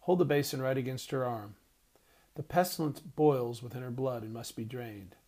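A man reading an audiobook voicing a stern, educated doctor who speaks bluntly and gruffly. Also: medium pitch, normal speed, mellow, close to an everyday voice.

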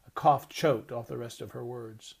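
A man narrating an audiobook chapter in a measured, expressive reading voice. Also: mid-range voice, creaky, breathy edge. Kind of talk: scripted narration.

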